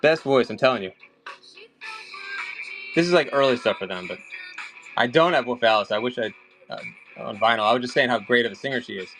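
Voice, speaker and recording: A man's voice: medium pitch, brisk, pauses often, fairly bright tone, faint music behind, rough recording. A man chatting casually with viewers during a live auction stream, rambling and addressing them by name.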